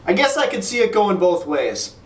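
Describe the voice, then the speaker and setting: A man hosting a mock press conference, reading league news in a crude, deadpan announcer style. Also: high voice, moderate pace, recorded from a distance. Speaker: league commissioner host. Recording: echoey room, voice off-mic.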